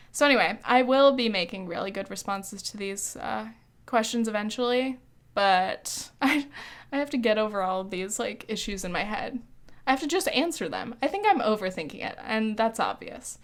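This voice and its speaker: A woman's voice: a little high, lively intonation, moderate pace. A woman in her early twenties hosts a podcast in a casual, snarky monologue, swearing freely and saying "like" a lot. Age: early 20s. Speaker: podcast host.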